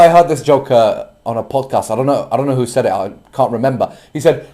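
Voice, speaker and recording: A young man giving an earnest, preachy personal monologue, slow and emphatic, sometimes bursting into loud yelling. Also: mid-range voice. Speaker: self-development vlogger.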